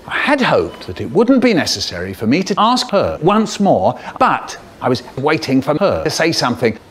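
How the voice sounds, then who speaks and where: A man's voice: on the high side, very animated, moderate pace, husky. A British man telling a wry, theatrical story about his work as a cashier. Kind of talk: anecdotal storytelling.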